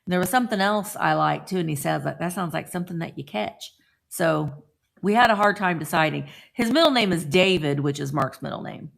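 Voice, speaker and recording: A woman's voice: on the low side, a little fast, vocal fry. A middle-aged woman from Indiana hosting a casual live stream, chatting and greeting viewers by name.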